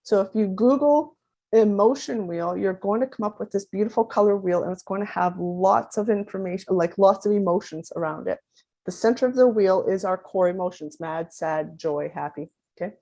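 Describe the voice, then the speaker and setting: A woman in her fifties giving a conference talk as a parent advocate, animated and acting out quoted dialogue as she explains. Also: medium pitch, normal speed. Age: 50s.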